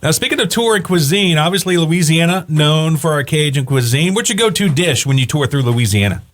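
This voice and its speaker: A man's voice: on the high side, lively intonation, fairly quick, fairly bright tone. A male morning radio host interviewing a guest in the studio in a friendly, chatty way.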